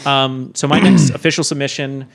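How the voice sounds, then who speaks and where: A Chicago man with a light Chicago accent co-hosts a podcast from a recording studio, chatting casually in a medium-pitched, creaky voice at normal speed. He rambles, with lots of ums and restarts.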